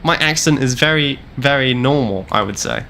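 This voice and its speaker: A man's voice: mid-range voice, normal speed, bright, forceful tone, slight background noise. A young man streaming a game, casually telling a long rambling travel story with wry repeats. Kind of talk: casual storytelling while gaming.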